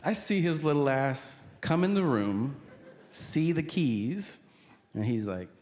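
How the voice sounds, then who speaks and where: A middle-aged man doing stand-up, telling profane stories and acting out characters in an animated way. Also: on the high side, slow. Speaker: stand-up comedian. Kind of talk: stand-up comedy storytelling. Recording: live stand-up set with background noise.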